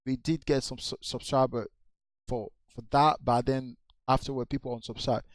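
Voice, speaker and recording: A man slowly reviewing an account's social media posts, repeating his advice in a coaching way. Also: medium pitch, fairly even intonation, dry recording. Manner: slow, repetitive, coaching. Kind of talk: casual screen-share review.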